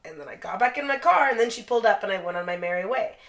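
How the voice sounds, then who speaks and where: A young woman co-hosts a podcast in casual, swear-filled chat. Her voice is bright and forceful. The room gives it a roomy echo. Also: medium pitch, animated, rapid-fire. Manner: profane, blunt storytelling with laughs. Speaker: podcast co-host.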